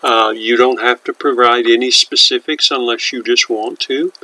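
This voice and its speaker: A man hosting a devotional podcast, speaking in an earnest, pastoral way with deliberate pauses, and leading a prayer. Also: mid-range voice, steady tone, pushed and bright, rough recording. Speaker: podcast host and minister.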